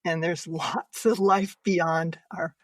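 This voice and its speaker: An older woman, a podcast guest, earnestly and emotionally telling a personal story, laughing softly between sentences. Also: lowish voice, fairly even intonation, takes it slowly, no room sound.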